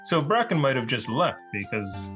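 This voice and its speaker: A man's voice: medium pitch, sing-song, moderate pace, a bit bright, faint music behind. A man playing a tabletop role-playing game, hesitant and wry in character. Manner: hesitant, full of fillers, wry. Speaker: player.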